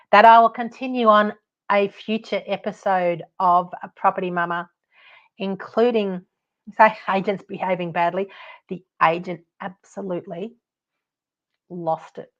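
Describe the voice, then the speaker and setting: Australian woman, podcast host, blunt and chatty, mid-pitched voice, slightly dull lo-fi sound. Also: fairly even intonation, normal speed. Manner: blunt, chatty, laughs at her own stories. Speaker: podcast host and buyer's advocate. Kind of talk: casual solo podcast talk.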